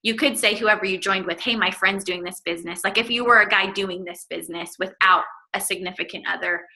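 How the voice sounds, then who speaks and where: A woman's voice: medium pitch, brisk, pushed and bright. A woman hosting a casual video call interview, enthusiastic and encouraging toward her guests. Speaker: host.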